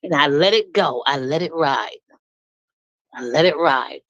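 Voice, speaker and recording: A woman's voice: low voice, measured pace, dry recording, muffled recording. A middle-aged woman talking bluntly and with energy on a live stream, laughing as she vents. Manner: animated, blunt venting with laughs. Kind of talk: casual chat. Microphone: live stream call.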